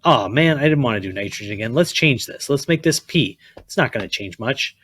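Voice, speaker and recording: A man's voice: medium pitch, animated, a little fast, fairly bright tone, slightly rough. A man teaching a chemistry lesson, blunt and repetitive, often checking with "okay?" and telling students to write things down. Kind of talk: classroom lecture.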